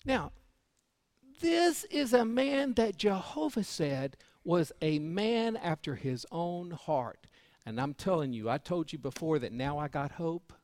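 Preacher swinging from loud to hushed. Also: male voice, a little high, expressive, takes it slowly, no room sound. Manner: folksy, personal storytelling. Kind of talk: sermon.

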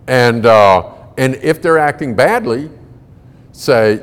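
A man's voice: mid-range voice, lively intonation, slow, clean tone. A man answering parenting questions before a live audience, folksy and emphatic, laughing often. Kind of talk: conversational Q&A talk to a live audience. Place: large hall in a building. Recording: long hall reverb.

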